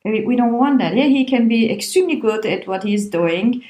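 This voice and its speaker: A woman's voice: fairly high pitch, expressive, moderate pace, mellow, roomy sound. A middle-aged woman speaking reflectively as a podcast guest, with non-native phrasing and frequent restarts. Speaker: podcast guest, entrepreneur and coach. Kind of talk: conversational podcast interview.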